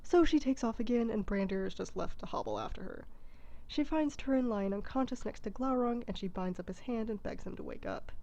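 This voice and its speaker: A woman's voice: a little high, very animated, brisk, vocal fry, mellow, highs cut off. A woman narrating a comedic abridged retelling in a casual, irreverent way.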